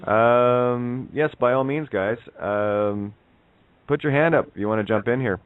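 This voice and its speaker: A man hosting an online group call, talking casually and haltingly with many fillers and restarts. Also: medium pitch, clean tone, dry recording. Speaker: host of an online call-in forum. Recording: tinny phone-like call audio.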